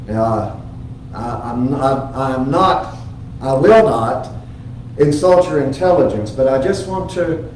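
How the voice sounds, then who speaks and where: Man, high-pitched pastor, earnest emphatic sermon, distant mic in a very echoey sanctuary. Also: darkish tone, a little hiss or hum. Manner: earnest, emphatic preaching with rhetorical questions. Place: church sanctuary. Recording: very echoey church, heard from afar.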